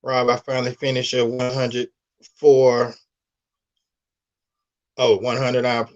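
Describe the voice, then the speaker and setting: A man's voice: mid-range voice, little pitch movement, slow, pauses often. A man chatting loosely on a live stream, full of slang, greeting viewers and reading their comments aloud. His voice sits in an ordinary middle range. The audio comes through dull and lo-fi. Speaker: livestream host. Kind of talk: casual live stream chat.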